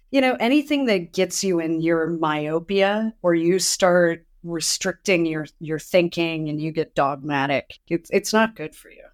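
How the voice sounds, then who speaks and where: Host, female, lower voice, chatty storyteller in relaxed conversation. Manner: chatty storyteller, acts out quoted exchanges. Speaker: podcast host. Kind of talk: casual conversational interview.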